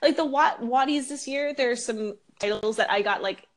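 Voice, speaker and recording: A woman's voice: fairly high pitch, moderate pace. A young woman co-hosting a podcast in casual chat, candid and ranting, swearing freely. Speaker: podcast co-host.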